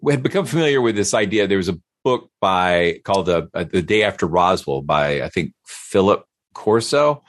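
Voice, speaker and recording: Animated low-voiced man in casual talk. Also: normal speed, hardly any pauses, no echo, studio quality. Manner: animated, repeats words when starting thoughts. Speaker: podcast guest. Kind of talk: casual conversation.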